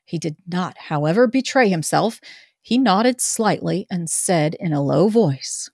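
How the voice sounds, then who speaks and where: A woman's voice: fairly low pitch, animated, measured pace, darkish tone, slightly rough, dry recording. Woman narrating a novel, dry sound. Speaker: narrator in a group reading. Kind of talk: casual amateur reading of a novel.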